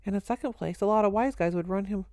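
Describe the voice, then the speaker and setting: A woman's voice: medium pitch, fast talker, warm tone, no echo, clean studio sound, natural voice. A woman reading the part of a cocky young man, slangy and wisecracking. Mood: griping. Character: brash cocky young man, show-off party guest.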